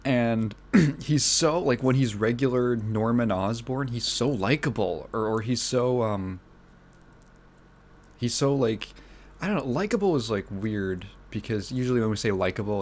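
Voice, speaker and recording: A man hosting a casual solo podcast, rambling with many fillers and restarts, his throat phlegmy so he keeps clearing it. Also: medium pitch, lively intonation, a little slow. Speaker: podcast host.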